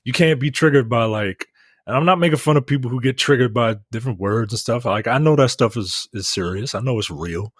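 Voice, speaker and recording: A man's voice: medium pitch, brisk, husky, no room sound. A man co-hosting a casual film podcast, talking loosely and rambling, recorded close and dry. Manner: loose and rambling, with many restarts. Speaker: podcast co-host.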